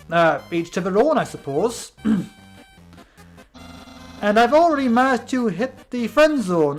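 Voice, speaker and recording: A British let's play host giving casual, sarcastic, rambling commentary while playing a game. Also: medium pitch. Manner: rambling, sarcastic, many restarts.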